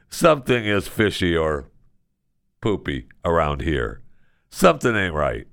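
A man hosting a radio show, chatting casually and telling a story with lively jokes from a studio. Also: low voice, clean tone, no echo. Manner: animated storytelling, joking. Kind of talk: casual chat.

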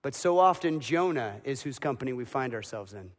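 A man preaching a dramatic sermon as a pastor, building to loud emotional peaks. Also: medium pitch, animated, a little fast. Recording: long reverb of a large hall.

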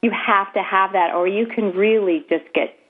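A woman co-hosting a casual chat, playful and quick with jokes. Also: mid-range voice. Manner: playful, laughs often, quick asides. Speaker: podcast co-host. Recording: tinny phone-line sound.

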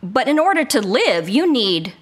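A woman with a high, very lively voice tells stories in a casual interview, laughing often. She talks from her living room over a remote mic. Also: normal speed, husky. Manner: animated storyteller, laughs often. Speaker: voice actor guest.

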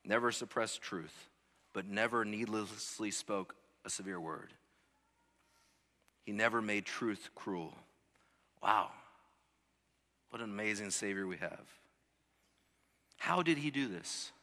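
A pastor in his thirties preaching a sermon, rising to loud emphatic lines and dropping to soft ones, often repeating words as he restarts. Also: on the low side, measured pace, long pauses, big-room sound.

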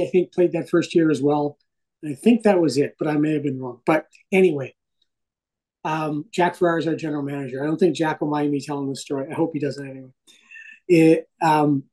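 A middle-aged man, a hockey broadcaster and interview guest, telling stories in a casual, animated way and swearing freely. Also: on the high side, rough recording.

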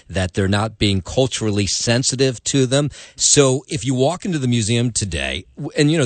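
A man giving the morning news rundown on a talk radio show in a plain, steady way. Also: mid-range voice, no echo. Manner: plain, steady reporting with fillers.

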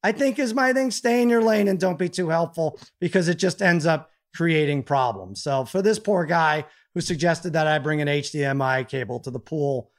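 Man co-host, middle-aged, self-mocking storyteller with a slightly high voice. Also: normal speed, few pauses. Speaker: podcast co-host. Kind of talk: casual chat.

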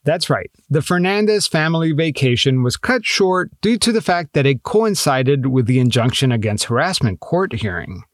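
Male true-crime host, scripted narration with a lively, higher delivery and a dry close mic. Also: normal speed, hardly any pauses, dry recording. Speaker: podcast host.

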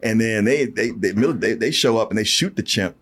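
A man's voice: on the low side, a little fast, noisy background. A man in casual chat, retelling scenes and briefly acting out the characters. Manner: retells scenes, acting out lines in put-on voices. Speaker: podcast co-host reviewing a film.

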